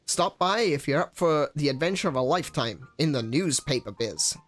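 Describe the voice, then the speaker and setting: A streamer puts on a cheery male bird reporter from a video game, speaking in a crisp, old-fashioned newsreader cadence. He is eager and talks up his newspaper with salesman pep at a middling pitch. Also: lively intonation, moderate pace, faint music behind, lightly acted. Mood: brisk, upbeat. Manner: old-time American newsreader voice. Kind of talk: voicing game dialogue.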